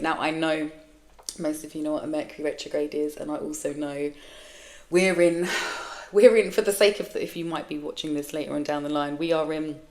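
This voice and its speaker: A woman in her forties hosts her own podcast, delivering a candid personal monologue that is frank, emotional, blunt, and sweary. Her voice is low-pitched and a little mellow.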